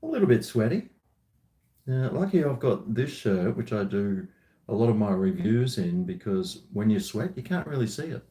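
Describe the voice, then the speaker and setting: Laid-back Australian man, dark and roomy. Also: fairly low pitch, sing-song, normal speed. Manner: joking, laid-back banter with viewers. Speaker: live streamer. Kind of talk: casual live-stream chat while drinking. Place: at home.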